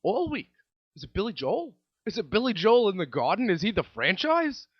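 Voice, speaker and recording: Sarcastic guy ranting on his podcast, high voice that jumps all over, dry muffled sound. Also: very animated, normal speed, slightly rough, no room sound. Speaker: comedy podcast host. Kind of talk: comedic rant.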